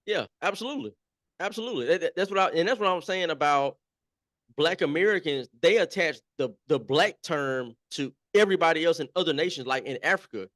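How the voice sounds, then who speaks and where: A man's voice: fairly high pitch, expressive, fairly quick, a bit bright, no room sound, studio quality. Man as guest, talking emphatically. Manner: emphatic, repeats points, conversational fillers. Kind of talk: casual political chat.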